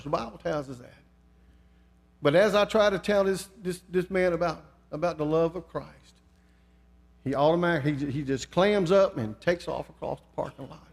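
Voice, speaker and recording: An older man preaching a sermon, telling a folksy story and reading scripture with rising fervor. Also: fairly high pitch. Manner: storytelling, rising to fervent emphasis.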